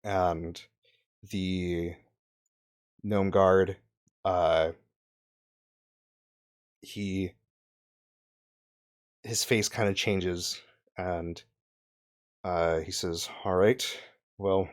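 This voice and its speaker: Slow, low-voiced young game master. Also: male voice, fairly even intonation. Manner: hesitant, many fillers and restarts. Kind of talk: narrating a tabletop game.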